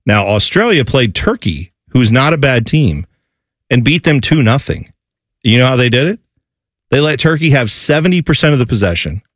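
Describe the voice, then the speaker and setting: A man hosts a casual sports talk show, explaining the game in a chatty, teaching way and throwing in jokes. His pitch swings widely as he talks. The sound is dry, with no room echo. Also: very animated, moderate pace. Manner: chatty, explanatory, jokey asides.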